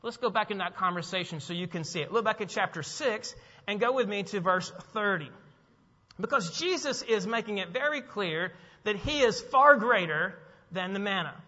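Emphatic high-voiced preacher in echoing hall. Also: male voice, lively intonation, normal speed, bright, forceful tone, dull audio. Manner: emphatic, repeats key phrases, asks the congregation questions. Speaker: pastor. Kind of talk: sermon.

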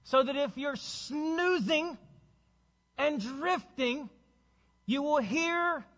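High, bright-voiced preaching man. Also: drawn-out words, in a large hall, muffled recording. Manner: urgent, exhorting preacher with rhetorical questions. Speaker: pastor. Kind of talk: sermon.

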